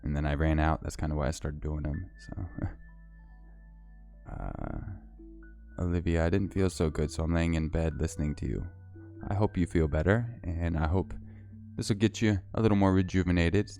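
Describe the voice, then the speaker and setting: A man with a low voice hosts a relaxed livestream and reads out viewer names and comments. He chats in a loose, easygoing manner, thanking people as he goes. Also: normal speed, creaky, faint music behind. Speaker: livestream host. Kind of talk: casual livestream chat.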